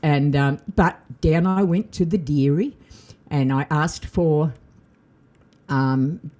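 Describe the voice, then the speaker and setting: A woman's voice: deep voice, takes it slowly, dark tone. A woman with an Australian accent, co-hosting a casual podcast, telling stories in a chatty way and laughing often. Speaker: co-host.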